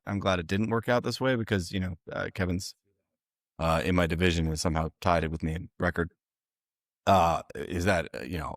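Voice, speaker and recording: A man's voice: low-pitched, no room sound, studio quality. A man co-hosting a casual podcast chat, teasing his friends, with lots of fillers. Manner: teasing, halting with many fillers. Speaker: podcast co-host.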